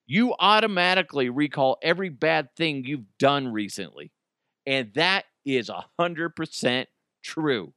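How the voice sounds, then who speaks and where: Male solo podcast host, a touch high, bright and forceful, dry close mic, riffs on news with jokes. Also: a little slow, clear, resonant tone, dry recording. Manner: animated, joking, reads news items aloud and riffs on them.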